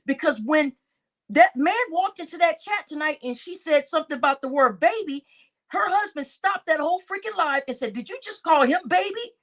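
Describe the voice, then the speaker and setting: A woman's voice: high-pitched, expressive, moderate pace, fairly bright tone. A woman giving an indignant, exclaiming livestream commentary, talking straight to her chat.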